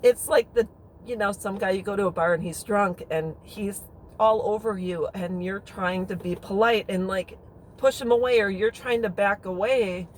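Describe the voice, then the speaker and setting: A woman's voice: medium pitch, moderate pace, low-quality recording. Chatty woman telling a story, faint hum behind. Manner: chatty, rambling, frank with mild swearing. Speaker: vlogger. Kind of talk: casual storytelling.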